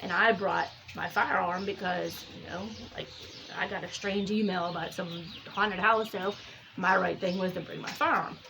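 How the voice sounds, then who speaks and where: A woman casually recounting a dream, rambling and animated, full of fillers and quoted speech. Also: fairly low pitch, normal speed, vocal fry, noisy background. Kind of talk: casual spoken storytelling.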